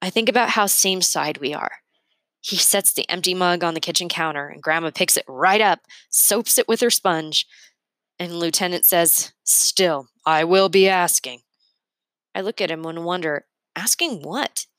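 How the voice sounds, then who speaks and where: A woman's voice: fairly low pitch, normal speed, fairly bright tone, dry recording. A woman reading a novel aloud in first person, lifting her voice for the characters' lines. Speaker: reader.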